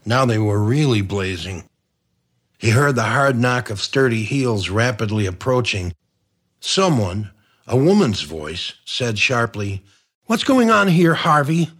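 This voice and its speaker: A man's voice: lowish voice, lively intonation, measured pace, fairly bright tone, slightly rough. A man reading a comic crime novel aloud, in a dry, wry storytelling manner. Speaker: narrator. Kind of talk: audiobook narration.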